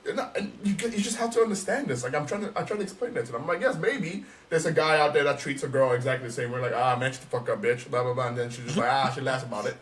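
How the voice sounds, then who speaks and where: A man co-hosting a casual podcast, talking in an animated, emphatic and profane way. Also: fairly high pitch, very fast, few pauses, far from the mic. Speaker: podcast co-host.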